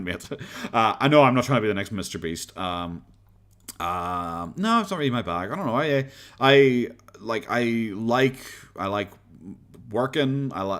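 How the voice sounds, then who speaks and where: A man's voice: low-pitched, a bit bright. A man with an Irish accent chatting casually on a live stream, rambling, laughing often and swearing freely as he reads comments.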